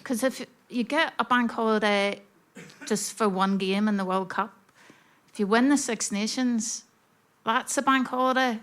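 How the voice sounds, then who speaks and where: A woman's voice: fairly high pitch, unhurried, a bit bright, clear, resonant tone. A woman on a comedy panel riffing in a chatty way.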